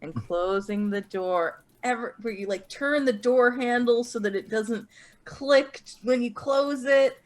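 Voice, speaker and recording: A woman playing a tabletop game, slowly and softly describing her character's actions. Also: on the high side. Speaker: player. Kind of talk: casual tabletop role-play.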